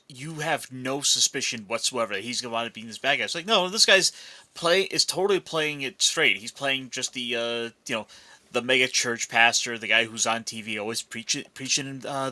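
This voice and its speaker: A man co-hosting a film podcast who breaks down characters with enthusiasm. His tone is very sharp and tense, at a middling pitch. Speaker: podcast co-host. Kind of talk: casual film discussion.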